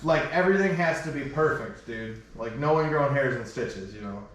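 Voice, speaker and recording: A man's voice: medium pitch, animated, normal speed. A man co-hosting a podcast, telling a crude, rambling story in a laid-back, casual way. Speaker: podcast co-host. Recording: echoey room, distant mic, faint noise.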